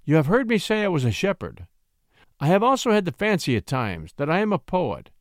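A man's voice: on the high side, huge pitch swings, fairly quick, no room sound, studio quality, pitched above the performer's own voice. A man reading the part of an earnest young shepherd and poet who speaks with heartfelt sincerity.

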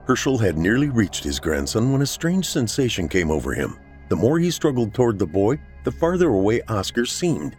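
A man narrating a horror story for a podcast in a measured, dramatic storytelling manner. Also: on the low side, sing-song, darkish tone. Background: faint music.

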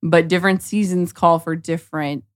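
Animated mom telling stories. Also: female voice, fairly low pitch, normal speed. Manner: animated storyteller, acts out quotes. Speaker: guest. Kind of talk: casual podcast chat.

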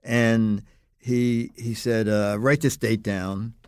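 Older man telling animated anecdotes. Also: on the low side, slow pace, clean tone, no echo, clean studio sound. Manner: animated anecdotes, acts out others' lines. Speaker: guest, longtime magazine writer. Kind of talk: podcast interview storytelling.

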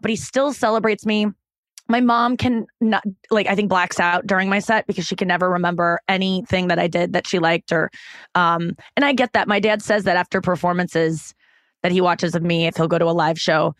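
A woman's voice: mid-range voice, fairly bright tone, no echo. A woman comedian talking as an interview guest, candid and rambling, with many fillers and restarts.

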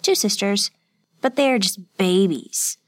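A woman's voice: mid-range voice, a little slow, no echo, clean studio sound, close to an everyday voice. A woman reading a storybook and voicing a small, frightened young boy who gives short, simple, childlike answers. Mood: plain.

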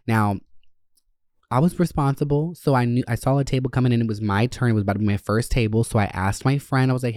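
A man hosting a podcast, telling candid, profane stories in a casual, animated way. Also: fairly low pitch, a little fast, no echo, studio quality. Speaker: podcast host.

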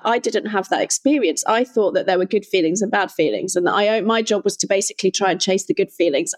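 A woman hosts a podcast interview, speaking in a reflective, emphatic manner. She brings the ease of a trained coach. Her voice sits in an ordinary middle pitch. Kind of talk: conversational interview.

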